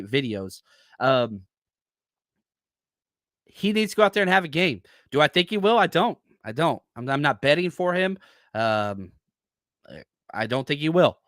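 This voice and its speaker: Casting: male podcast host, fired-up rant, lively swings in pitch, dry close sound. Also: no room sound. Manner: heated, ranting, animated. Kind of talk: sports podcast analysis.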